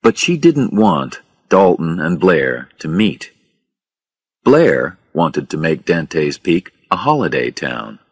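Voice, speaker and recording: A man narrating a simplified story for English learners in a slow, very expressive reading. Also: sits low, slightly rough, no echo, studio quality.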